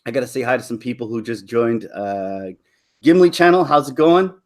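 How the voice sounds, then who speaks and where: A man's voice: mid-range voice, a little fast. A man from Canada hosting a casual chat, joking around and slipping into silly put-on accents. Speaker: host.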